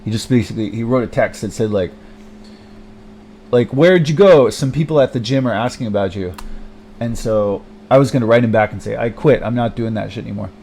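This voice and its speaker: A man's voice: on the low side, fairly even intonation, a little fast, vocal fry, dark tone, slight background noise. Hesitant young man rambling alone. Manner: hesitant, many fillers and restarts, self-deprecating, swears often. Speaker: vlogger. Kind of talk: rambling personal monologue.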